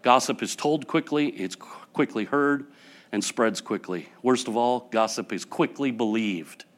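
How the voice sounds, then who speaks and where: A man preaching a sermon to his church, building up to loud passionate peaks and then dropping to quiet, soft passages. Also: medium pitch, unhurried. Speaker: pastor.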